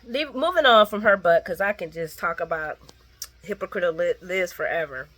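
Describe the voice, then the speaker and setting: An animated, brisk woman with a slightly bright voice recaps a soap opera in casual late-night talk. Blunt and sassy, she speaks straight to "girl" and "guys" watching, and voices the characters' lines with big jumps in pitch.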